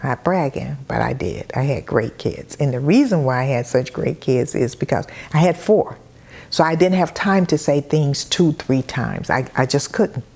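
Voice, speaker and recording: A woman's voice: extremely low pitch, animated, moderate pace, vocal fry, a little mellow, breathy edge. A middle-aged woman hosting a casual advice talk, telling stories from her life and acting out quoted voices. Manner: conversational, storytelling, acts out quoted voices. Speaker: host.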